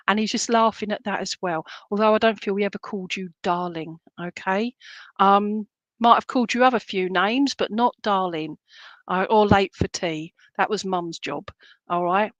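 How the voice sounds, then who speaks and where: A woman, a spiritualist medium giving a halting, chatty clairvoyant reading full of fillers and restarts. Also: medium pitch, no echo. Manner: relays spirit messages in a chatty, jokey way. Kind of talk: clairvoyant reading in an online church service.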